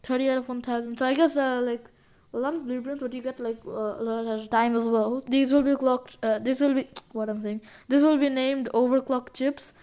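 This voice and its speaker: A woman's voice: high-pitched, fairly even intonation, brisk, hardly any pauses, dark tone, clean tone. A woman giving casual gaming commentary, rambling and hesitant with many fillers and restarts. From India. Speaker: gaming video creator. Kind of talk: casual game update commentary.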